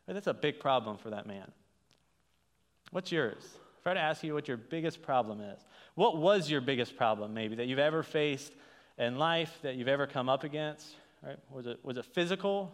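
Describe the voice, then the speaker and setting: A man preaching a sermon as a pastor, talking in a conversational way with frequent restarts and rhetorical "right?" checks. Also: on the high side. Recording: long hall reverb.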